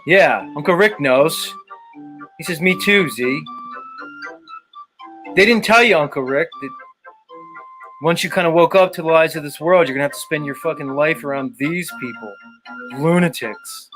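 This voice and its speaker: With music playing in the background, a man with a slightly high voice hosts a livestream, speaking at a moderate pace and pausing often. His rant is sarcastic and mock-exasperated, full of frequent swearing.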